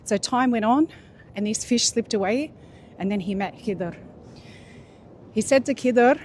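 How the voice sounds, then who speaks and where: A woman's voice: a little high, unhurried, pauses often, a little mellow, a little hiss or hum. A woman casually retelling a religious story in a loose, chatty way, full of fillers and restarts.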